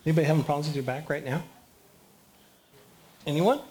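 A man's voice: on the high side, brisk, a little mellow, a little hiss or hum. A man leading a congregation in prayer, directing people and calling out encouragement. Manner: direct, encouraging, calls out to the room. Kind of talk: leading a church prayer time. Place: church service before a congregation.

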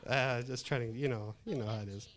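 Talking fast in a medium-pitched voice, a middle-aged pastor shares a humorous story in his sermon, laughing often and telling it with animation. There is slight background noise.

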